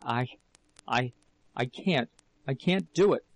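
A man's voice: mid-range voice, slow, vocal fry, darkish tone, breathy edge, dry recording, heavily acted, rough recording. A man voicing a desperate young wife who pleads with her husband, breaking into whispers. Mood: pleading.

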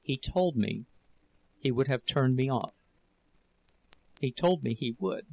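A man voicing a desperate young woman who pleads tearfully with her husband, in a slow, gravelly reading. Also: medium pitch, animated, darkish tone, no echo, heavily acted, poor audio. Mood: broken, whispering.

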